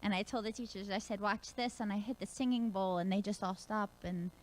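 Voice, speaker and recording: A woman's voice: medium pitch, fairly even intonation, a little fast, a little mellow. A woman on a kids yoga conference panel, telling an enthusiastic anecdote about teaching. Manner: storytelling, enthusiastic. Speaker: kids yoga workshop presenter.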